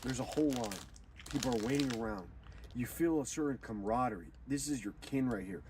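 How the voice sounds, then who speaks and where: A man's voice: medium pitch, a little fast, a little mellow. A young man hosting a gaming video, giving a preachy, profane, rambling casual monologue. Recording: distant mic with clear background noise.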